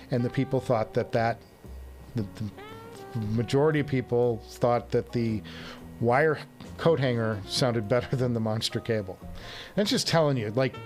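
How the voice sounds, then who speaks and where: Guy hosting a chill livestream, rambly and self-mocking, laughs a lot, bit of music playing faintly behind him. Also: mid-range voice. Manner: rambling, self-deprecating, chuckles often. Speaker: livestream host. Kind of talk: casual live chat reading comments.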